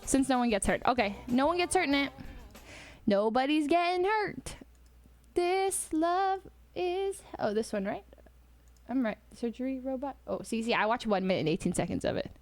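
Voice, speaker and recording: A woman's voice: high-pitched, expressive, normal speed. A woman streamer casually chatting and reacting to a video with giggly comments.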